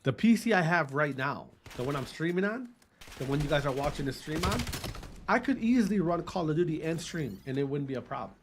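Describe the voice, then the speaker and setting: A man's voice: fairly high pitch, animated, fairly quick, slight background noise. Rambling, profane Midwestern streamer man. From Wisconsin, US Midwest. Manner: rambling, profane, talks to chat by name. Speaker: gaming streamer. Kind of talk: casual live-stream chat.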